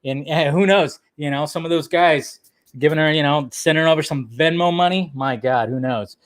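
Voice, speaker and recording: Excitable, swearing man ranting on a live stream. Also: a little high, normal speed. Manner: excitable, swears often, laughs at himself.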